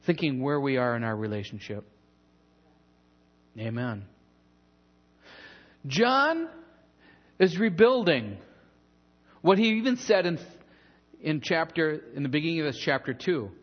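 A pastor preaching a sermon in a church in a conversational, animated way, with asides and bits of humor. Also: male voice, fairly high pitch, unhurried, pauses often, big-room sound, highs cut off.

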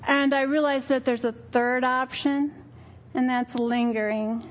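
A woman's voice: sits high, fairly even intonation, a little slow, highs cut off, slight background noise. An older woman giving a weary, earnest personal testimony in church, telling her story candidly. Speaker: church speaker.

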